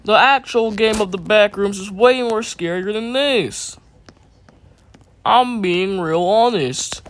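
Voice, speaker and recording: A man's voice: high-pitched, slow pace, slight background noise. A young man casually commenting on his gameplay in a laid-back, chatty way and teasing his in-game pet. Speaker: gaming channel host. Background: loud game music.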